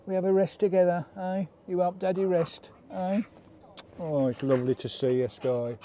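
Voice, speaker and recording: A man's voice: sits high, steady tone, normal speed, warm tone, a little hiss or hum. A British man vlogging casually from his camper van at a campsite, chatty and doting as he talks to his dog. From United Kingdom. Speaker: vanlife vlogger. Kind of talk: casual vlog chat.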